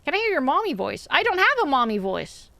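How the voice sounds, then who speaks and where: A woman's voice: high-pitched, sing-song, quick pace, vocal fry, pushed and bright, no room sound. A woman streaming a video game, chatting casually with her viewers and laughing often. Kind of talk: casual live-stream chat.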